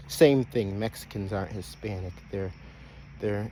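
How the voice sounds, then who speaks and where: A man's voice: mid-range voice, unhurried, darkish tone. A man holds forth in a loose, preachy monologue, circling back on his own phrases and often breaking off mid-thought. His voice sits in an ordinary middle register, and he keeps addressing listeners as brothers and sisters. A faint hiss runs under the recording. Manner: rambling, repeats phrases, self-interrupts. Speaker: online speaker addressing followers.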